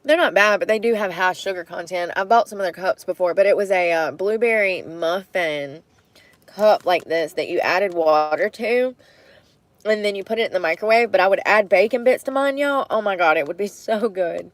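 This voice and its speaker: A young woman with a medium-pitched voice speaks at normal speed in a casual vlog, eating in her parked car. The audio has no room sound, and she keeps things laid-back and full of laughter.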